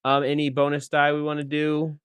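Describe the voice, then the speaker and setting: A man's voice: a little high, monotone, fairly quick, fairly bright tone, clear, resonant tone. A man playing in a tabletop game, chatting casually and laughing often. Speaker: player.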